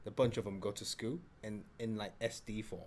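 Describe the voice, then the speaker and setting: A man co-hosting a casual question and answer chat, talking haltingly and stumbling over his words. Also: lowish voice, steady tone, a little mellow, a little hiss or hum. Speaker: co-host.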